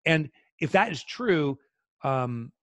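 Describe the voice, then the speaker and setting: A man hosts a relaxed podcast conversation, telling stories with a playful, animated delivery. His voice sits a little high, and the sound is close with no room to it. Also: slow, no echo. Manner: animated, jokey storyteller, acts out quoted voices. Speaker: podcast host. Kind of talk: casual chat.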